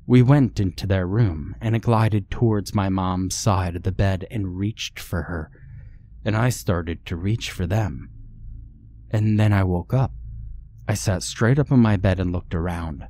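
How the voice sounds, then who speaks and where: A man's voice: sits low, measured pace, warm tone, slight background noise. A man reading the part of a frightened, tearful young woman who fled her home at night. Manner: pleading, tearful. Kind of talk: scripted horror story reading.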